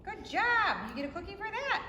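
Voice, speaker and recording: A woman's voice: very high voice, very animated, normal speed, pushed and bright, slight background noise. A woman dog trainer teaching a puppy class, explaining to viewers while she praises and rewards a puppy. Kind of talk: instructional demo. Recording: echoey room, faint ambience.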